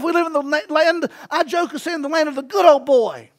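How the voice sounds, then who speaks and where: A pastor in his forties with a strikingly high voice, preaching with emphasis. He builds his lines into shouts and drives each point home. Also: a little fast. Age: 40s. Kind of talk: sermon.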